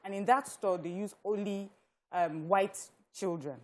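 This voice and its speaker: A woman's voice: mid-range voice, measured pace. Nigerian woman in her thirties, co-host, emphatic and opinionated panel talk. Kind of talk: studio panel discussion.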